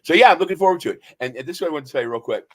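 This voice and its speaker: A man's voice: on the high side, expressive, rapid-fire, a bit bright. A man hosting a talk radio show, telling stories in a rambling, hesitant way. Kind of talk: casual talk radio chat.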